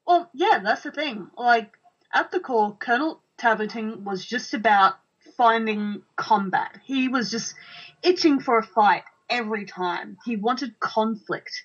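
Film co-host: woman, fairly high husky voice, sarcastic and giggly, dull lo-fi audio. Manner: giggly, sarcastic, quick to laugh. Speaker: movie watch-along co-host. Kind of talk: casual commentary over a film.

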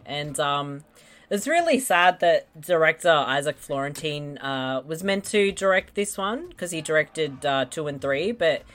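Casting: animated, giggly woman podcast co-host, casual film chat. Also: deep voice, unhurried. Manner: giggly, animated, swears freely.

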